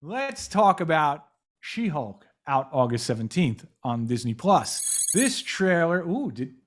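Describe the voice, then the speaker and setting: A man's voice: on the high side, sing-song, takes it slowly. Rambling, enthusiastic male podcast host. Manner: rambling, self-correcting, enthusiastic. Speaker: podcast host, editor-in-chief. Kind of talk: casual pop-culture chat.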